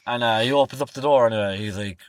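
A man's voice: mid-range voice, fast, noisy background. A young Irish man telling a rambling night-out story on a podcast, swearing freely and tagging his sentences with "like" and "right?". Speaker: podcast guest. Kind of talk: casual storytelling.

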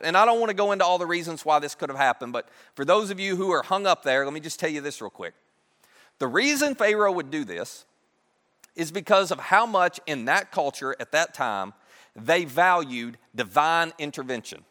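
Lively, bright-voiced man preaching. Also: on the high side. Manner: conversational, humorous storytelling. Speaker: pastor. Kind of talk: sermon. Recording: echoey hall.

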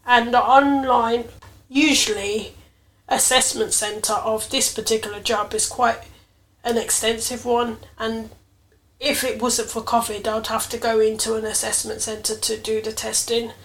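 A woman's voice: fairly high pitch, flat delivery, unhurried, fairly bright tone. Earnest woman telling a personal podcast story. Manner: earnest, reflective storytelling with emotional emphasis. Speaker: podcast host.

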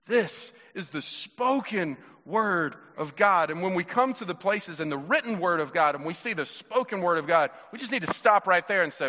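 A man's voice: high voice, animated, normal speed, hardly any pauses, pushed and bright, in a large hall, highs cut off. A man preaching a sermon, talking to the congregation in a casual, conversational way and telling stories from family life. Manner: conversational, storytelling, addresses congregation directly. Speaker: pastor.

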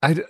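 A man's voice: a bit bright, dry recording, clean studio sound. A man podcast co-host in casual gossip chat, recapping a story and laughing often.

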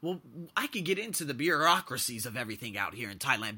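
A young man hosting his podcast, telling stories in a casual, animated way, swearing freely and laughing at his own anecdotes. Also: medium pitch, quick pace. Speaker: podcast host. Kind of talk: casual storytelling monologue.

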